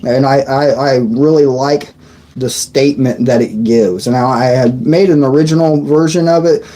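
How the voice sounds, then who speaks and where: A man's voice: medium pitch, fairly even intonation, moderate pace, warm tone. A sleepy middle-aged man hosting a casual live stream, rambling as he greets viewers by name from his home desk. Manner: rambling, reading out viewer names. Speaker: livestream host.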